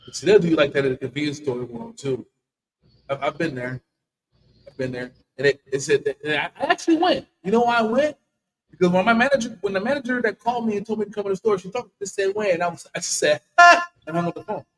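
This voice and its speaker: A man's voice: sits high, expressive, quick pace, fairly bright tone, poor audio. A man co-hosting a casual chat, telling workplace stories with lots of swearing and laughter. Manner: profane, laughing storyteller. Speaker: podcast co-host.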